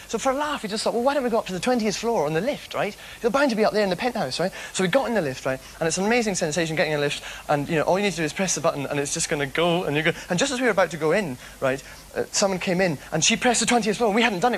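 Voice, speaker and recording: A man's voice: sits high, a bit bright, a little hiss or hum. A man telling a rambling comic story on a TV show, giggly and manic, full of restarts. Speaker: comedian host.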